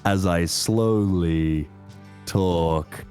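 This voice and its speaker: A man's voice: low voice, darkish tone, faint music behind, voice pushed down. A man voicing a long-winded speaker who drags out every word and hogs the airtime. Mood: smug, slow. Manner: drawn-out, pompous, pausing between words.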